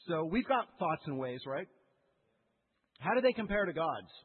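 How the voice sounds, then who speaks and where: Man, pastor, sermon, high voice, husky, chatty questioning delivery, tinny phone-like sound. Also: normal speed. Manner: animated, conversational, asks the audience questions. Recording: echoey hall, tinny lo-fi sound.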